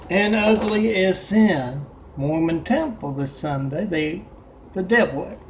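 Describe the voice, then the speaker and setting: A man's voice: high-pitched, dull audio, a little hiss or hum. A man telling a meandering, conspiratorial monologue as a vlogger, with many fillers and restarts. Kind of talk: rambling monologue.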